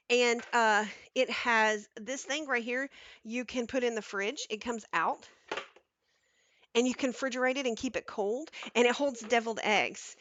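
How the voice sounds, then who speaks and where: A woman's voice: fairly high pitch, fairly bright tone, highs cut off. Chatty woman cooking on stream. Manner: chatty, rambling, keeps asking okay?. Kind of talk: casual storytelling chat. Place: home kitchen.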